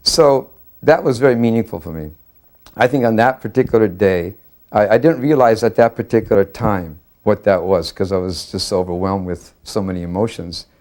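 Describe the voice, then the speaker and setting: A man earnestly recalling a personal memory, halting often with fillers and restarts. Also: lowish voice, darkish tone. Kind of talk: recorded personal reminiscence.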